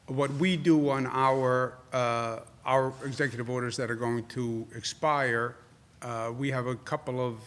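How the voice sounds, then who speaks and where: A man in his sixties with a New York accent, answering reporters at a press briefing. He talks forcefully, repeats his points and builds to indignant emphasis. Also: mid-range voice, steady tone, measured pace.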